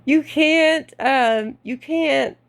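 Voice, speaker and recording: Blunt, gravelly-voiced woman giving advice. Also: sits high, very slow. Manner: blunt, outspoken, laughing asides. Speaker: golf club membership adviser.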